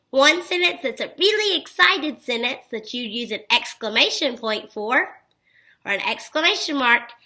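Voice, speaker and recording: A woman teacher giving a phonics lesson to young children, upbeat and full of encouraging praise, reading example sentences with exaggerated expression. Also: high voice. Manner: exaggerated expressive read-alouds.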